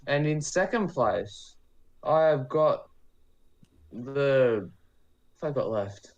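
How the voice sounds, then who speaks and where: A man's voice: mid-range voice, lively intonation, takes it slowly, highs cut off. Easygoing man on a podcast. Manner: easygoing, rambling, self-correcting. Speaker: podcast co-host giving predictions. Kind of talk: casual podcast chat.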